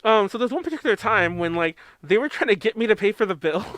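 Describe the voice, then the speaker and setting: A man's voice: high voice, expressive, fast, fairly bright tone, no room sound. An American man co-hosting a podcast in casual chat, rambling, laughing often and swearing freely. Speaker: podcast co-host.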